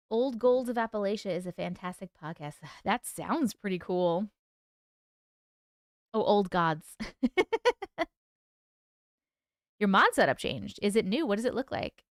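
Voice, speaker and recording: A woman's voice: medium pitch, no room sound, clean studio sound. A woman hosting a casual livestream, chatting with viewers, reading their comments aloud and laughing often. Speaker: livestream host and author.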